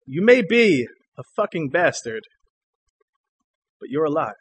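A young man with a high-pitched voice performs spoken word poetry in a live room. He moves between loud, punchy declamation and hushed lines. Between poems he chats loosely with the crowd. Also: big pitch swings, measured pace, breathy edge. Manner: loose rambling banter with the audience between poems.

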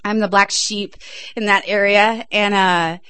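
A woman's voice: medium pitch, fairly even intonation, unhurried, clean tone. A middle-aged woman from England performing spoken word poetry, rhythmic and intense, chatting casually between poems. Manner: rhythmic, intense delivery rising to loud emphatic peaks. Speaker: performance poet.

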